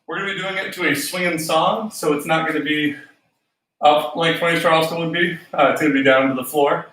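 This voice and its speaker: A man's voice: a little high, fairly even intonation, brisk, fairly bright tone, recorded from a distance. A man teaching a solo swing dance class, talking through steps and counting beats aloud in rhythm. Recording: echoey room, voice from off-mic.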